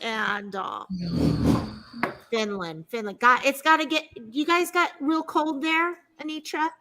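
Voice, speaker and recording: A woman's voice: a little slow, bright, forceful tone. A woman hosting a casual livestream chat from home, talking to viewers and her pets. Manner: chatty, talks to her pets in a high sing-song voice. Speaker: livestream host.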